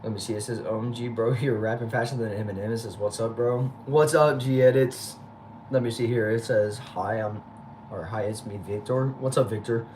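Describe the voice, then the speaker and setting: A man with a Texan accent reading viewer comments aloud quickly on a casual livestream from a back shed, answering each with a short reply. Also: lowish voice, fairly even intonation, a little mellow. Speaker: livestream host reading chat. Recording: noisy background hum.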